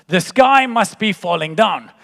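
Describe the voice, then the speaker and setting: A frantic young rooster, as a man puts him on while telling a fairy tale on stage, panicking in a casual, slangy way. His voice sits high, and it rings out with a long hall echo. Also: expressive, a little slow, gravelly, bright, forceful tone, exaggerated voice. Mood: panicky. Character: panicky young male chicken.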